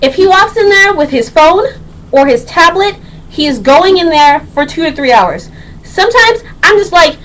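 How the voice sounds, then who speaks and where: An eighteen-year-old woman telling a story on her vlog in a sassy, slangy, animated way. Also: extremely high pitch, normal speed, poor audio. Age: young adult. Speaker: vlogger.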